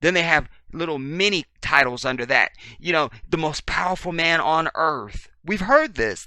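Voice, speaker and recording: A man hosting a commentary monologue, repeating his points emphatically in a preachy way and swinging from loud to very quiet. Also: on the high side, animated, moderate pace, few pauses, no room sound. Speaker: commentary channel host.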